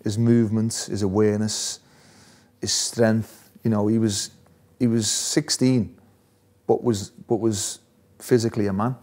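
With a fairly low, darkish voice, level and unhurried, a former footballer recounts stories in a casual interview. He's talkative, laughs a lot and often starts phrases over.

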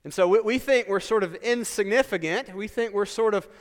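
Guy preaching a sermon, pretty high voice, smooth and clear, lots of asides and questions to the crowd. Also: a little fast, in a large hall. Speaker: pastor.

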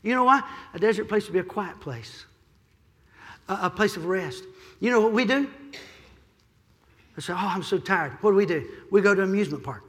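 A male pastor preaching a sermon, building from quiet pleading to loud shouting and repeating his key phrases. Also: high-pitched, animated, fairly quick, long pauses, big-room sound. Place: church sanctuary.

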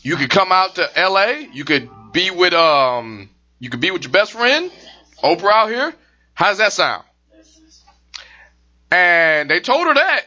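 A man riffs through comedic stories in a high, lively voice that swings up and down as he jokes. The tone is very bright, and the audio sounds muffled and lo-fi. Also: measured pace, pauses often. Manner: animated, joking storyteller, playful voices. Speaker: podcast co-host. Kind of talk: casual comedic chat. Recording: dull lo-fi sound.

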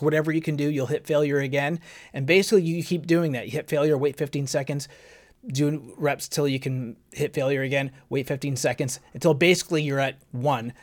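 Casual male fitness podcast host. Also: fairly high pitch. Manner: explains step by step with frequent "um" and "right?". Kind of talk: casual instructional talk.

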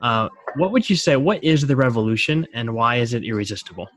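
A man hosting an interview, speaking in a measured way. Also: medium pitch, expressive, fairly bright tone, a little hiss or hum. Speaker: podcast host. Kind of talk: interview conversation.

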